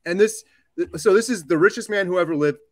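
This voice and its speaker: A man's voice: high-pitched, fast talker, no echo, clean studio sound. Enthusiastic male live stream host. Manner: enthusiastic, stammers at starts. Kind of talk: casual chat.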